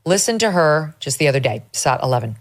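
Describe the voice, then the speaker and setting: A woman with a somewhat low voice hosts a political talk show. She argues her points in a wry, conversational manner and lets a dry laugh slip now and then. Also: very animated, fast. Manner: wry, argumentative, with light laughs. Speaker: show host.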